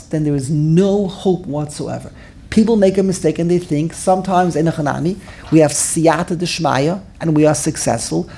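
A man teaching a Talmud class, animated and exclamatory, full of rhetorical questions. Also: fairly high pitch.

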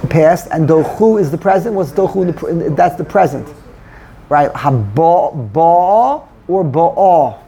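A man's voice: fairly high pitch, normal speed, dark tone. A man teaching a Torah study class, explaining verses and mixing Hebrew terms into his English.

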